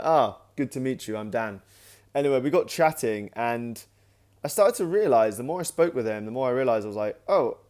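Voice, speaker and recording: Mid-pitched and in the thick of a casual vlog story, this man, who created and hosts his own channel, keeps circling back with restarts and plenty of "like." He gets animated whenever he acts out what he said back then, making it a loose, lively anecdote.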